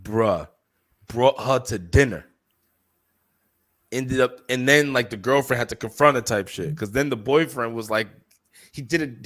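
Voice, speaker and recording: A young man co-hosting a podcast, telling a story in casual, profane chat and acting out the people in it. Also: medium pitch. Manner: animated, profane, acts out quoted people. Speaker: podcast co-host.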